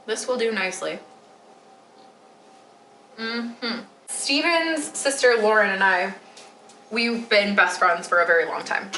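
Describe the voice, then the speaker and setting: A woman's voice: mid-range voice, takes it slowly, long pauses, pushed and bright, roomy sound, slight background noise, poor audio. A woman in her twenties from Metro Detroit, chatting casually while she bakes at home, rambling with lots of fillers. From Metro Detroit, USA. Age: 20s. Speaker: vlogger. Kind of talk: casual chat while baking. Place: home kitchen.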